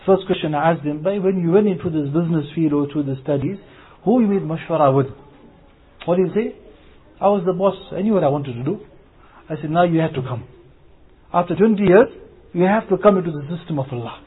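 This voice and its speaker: A high, husky-voiced man preaches to youngsters, repeating his points and firing off rhetorical questions. The sound comes through a narrow, phone-like lo-fi recording. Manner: repetitive, rhetorical questions, anecdotal. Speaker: Muslim preacher. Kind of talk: Islamic talk to youth.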